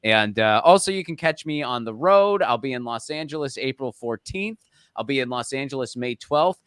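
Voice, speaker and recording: Smooth-voiced man reeling off tour dates. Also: medium pitch, animated, fairly bright tone, dry recording, studio quality. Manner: rapid list-reading, self-deprecating humor. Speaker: guest comedian. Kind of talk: casual chat, plugging tour dates.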